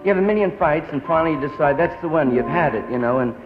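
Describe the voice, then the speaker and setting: A man's voice: fairly high pitch, very fast, over music. A man doing a stand-up routine in laid-back hip slang, from a dull lo-fi 1950s television broadcast. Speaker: stand-up comedian.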